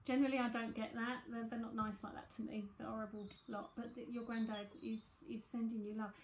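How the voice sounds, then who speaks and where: A South London woman in her forties, working as a psychic medium and tarot reader, gives a live reading and chats breezily with viewers, full of asides and fillers. Her fairly high voice keeps a level tone and moves fast. The room echoes, and there's noise in the background.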